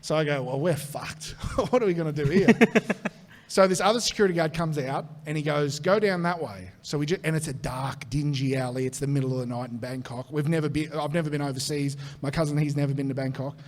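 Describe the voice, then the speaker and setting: A man with an Australian accent, a comedian guest telling a long comic anecdote to a live audience, animated and swearing as he acts out the voices in it. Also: a little high, fast talker.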